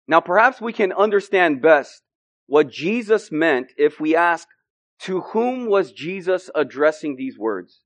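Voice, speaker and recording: A man's voice: fairly high pitch, lively intonation, measured pace, a bit bright. Earnest male preacher. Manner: earnest preaching, rising to emphatic declarations. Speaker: pastor. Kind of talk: sermon.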